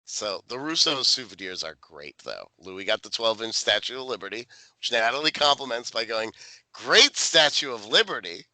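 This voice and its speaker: A man's voice: lowish voice, animated, normal speed, bright, forceful tone, dry recording, poor audio. A man co-hosting a podcast, recapping a TV episode in casual chat, swearing and jokingly acting out the characters' lines. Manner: profane, jokey, acts out characters' lines. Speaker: podcast co-host.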